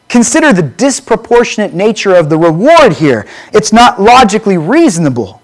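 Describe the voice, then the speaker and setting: A man's voice: high-pitched, sing-song, moderate pace, few pauses. A man preaching a sermon, reading scripture and putting questions to the congregation in an earnest way. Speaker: pastor.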